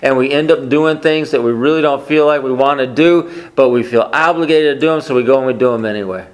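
A man's voice: medium pitch, fast. A man preaching a conversational sermon, often asking the congregation questions. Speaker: pastor.

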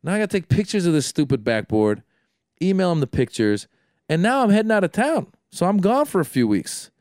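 A man hosting a podcast, telling a story in an animated, self-deprecating way. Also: sits high, brisk, dry recording, clean studio sound. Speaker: podcast host. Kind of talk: casual chat.

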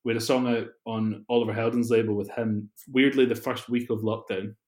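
A young man chatting in an interview, relaxed and laughing often between rambling asides. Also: mid-range voice, fairly quick. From Scotland. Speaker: guest, music producer. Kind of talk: casual interview chat. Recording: roomy echo.

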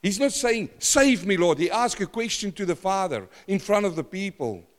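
A man preaching a sermon, animated and repeating phrases for emphasis. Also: high-pitched, normal speed, big-room sound.

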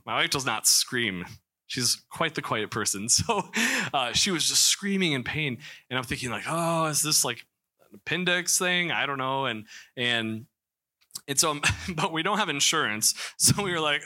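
A man's voice: mid-range voice, pushed and bright. A young man from Missouri telling a candid personal story to a church congregation, with many restarts and fillers. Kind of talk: personal testimony in a church talk.

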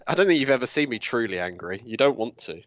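Chill self-deprecating dude chatting hobby stuff, mid voice, dry close mic. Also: male voice, mid-range voice, very animated, fast, fairly bright tone, no echo. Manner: laid-back, self-deprecating, laughs easily. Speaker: podcast guest co-host. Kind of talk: casual hobby chat.

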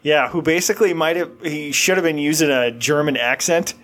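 A man's voice: fairly high pitch, steady tone, a little fast, fairly bright tone. A middle-aged man co-hosting a podcast, talking in a crude, blunt way and laughing often. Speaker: podcast co-host. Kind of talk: casual chat.

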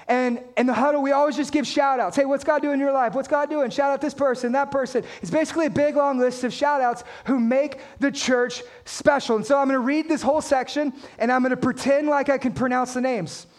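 High-voiced man preaching energetically. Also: a little fast, hardly any pauses. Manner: energetic, conversational preaching with rhetorical questions; reads scripture aloud. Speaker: pastor. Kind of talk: sermon.

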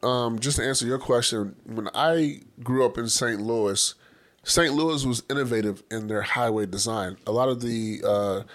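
A man's voice: mid-range voice, normal speed. Blunt, casual man chatting. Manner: blunt, swears freely, repeats words when starting. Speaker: podcast co-host. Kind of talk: casual group chat.

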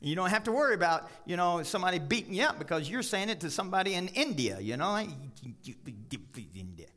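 A man preaching a sermon in a church, folksy and joking, with sudden loud high bursts and quiet drops. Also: big pitch swings, fairly quick, few pauses. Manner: folksy, jokes with the congregation. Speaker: pastor.

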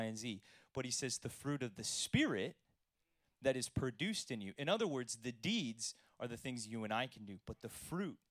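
A man preaching a sermon, telling stories with animated energy and swinging between soft, quiet lines and loud bursts. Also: medium pitch, no room sound, clean studio sound. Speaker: pastor.

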